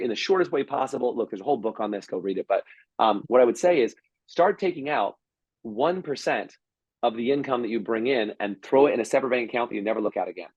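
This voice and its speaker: A man on a podcast as a guest, telling stories and giving business advice in an emphatic, energetic way. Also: mid-range voice, breathy edge, dry recording. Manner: energetic storytelling, quick and emphatic. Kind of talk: casual podcast interview.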